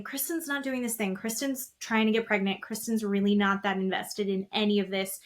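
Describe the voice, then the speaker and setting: A woman co-hosting a podcast, recapping reality TV in casual chat, animated, acting out quotes and swearing freely. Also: mid-range voice, fairly quick, few pauses. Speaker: podcast co-host.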